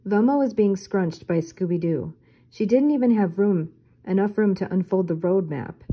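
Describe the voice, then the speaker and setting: An older woman, a teacher, reading a children's storybook aloud in a gentle manner. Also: medium pitch, normal speed, slight background noise, poor audio.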